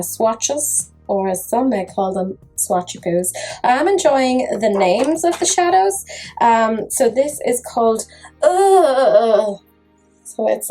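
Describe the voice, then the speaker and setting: A woman's voice: on the high side, mellow, low-quality recording. A woman chatting casually through a makeup review, full of self-mocking jokes. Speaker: makeup vlogger.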